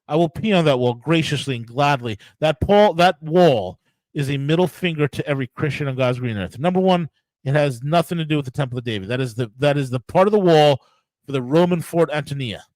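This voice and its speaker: A man's voice: a little high, fairly quick, darkish tone, no echo, poor audio. A man hosting his own show, ranting angrily and profanely about politics, with frequent restarts and emphatic repetition. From United States. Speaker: podcast host. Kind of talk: solo political rant.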